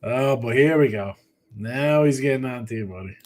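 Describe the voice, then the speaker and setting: A man's voice: medium pitch, normal speed, darkish tone. A man hosting a sports betting podcast, chatting casually and reading viewer comments, tired after a short night. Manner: rambling, offhand, talks to chat by name. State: tired, yawning.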